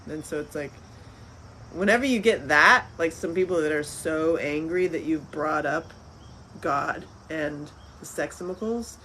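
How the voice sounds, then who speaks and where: A woman talking as an interview guest in casual chat. She is animated, laughs often and repeats phrases. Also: low voice, measured pace, a little hiss or hum, rough recording. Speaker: interview guest, filmmaker and author.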